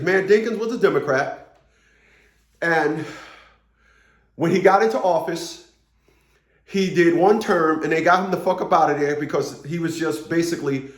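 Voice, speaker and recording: A man's voice: on the high side, echoey room. A man ranting in a casual political monologue, rambling, repeating himself and swearing. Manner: rambling, repeats words, profane. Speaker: political commentator.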